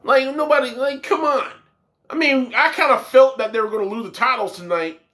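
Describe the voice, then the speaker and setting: High-voiced man ranting, profane and fed up. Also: brisk, fairly bright tone. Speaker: wrestling show reviewer. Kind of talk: ranting vlog commentary.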